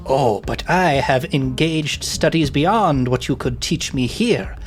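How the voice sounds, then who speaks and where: A man's voice: on the high side, slow pace, soft background music. A man voicing a small, cocky male adventurer who brushes off his teacher. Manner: cocky, breezy.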